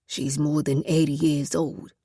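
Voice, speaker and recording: A woman voicing a grieving, worried middle-aged father in an audiobook, speaking low and subdued. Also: little pitch movement, a little slow, warm tone, breathy edge, dry recording, clean studio sound. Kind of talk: audiobook character voice.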